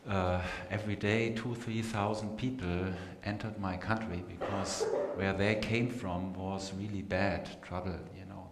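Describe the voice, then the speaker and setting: A man with a German accent giving an unhurried live talk to an audience, pausing often with fillers. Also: fairly low pitch. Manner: unhurried, hesitant with many fillers. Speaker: meditation teacher giving a talk. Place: meeting room with a live audience. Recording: echoey hall, faint noise.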